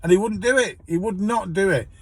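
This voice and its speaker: A man's voice: sits high, fairly quick, no room sound. A man, a van courier, telling a long chatty story about his work in a rambling way, restarting his sentences often. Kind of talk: casual storytelling monologue.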